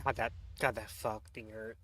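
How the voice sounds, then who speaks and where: A man's voice: fairly low pitch, little pitch movement, normal speed, noisy background. A young man with a sore throat, chatting and rambling through gameplay commentary on a headset mic, swearing often. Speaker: streamer.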